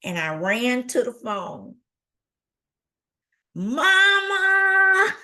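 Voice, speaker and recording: A woman giving a keynote talk, telling a personal story in an animated way and acting out the dialogue. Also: on the low side, measured pace, vocal fry. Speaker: keynote speaker.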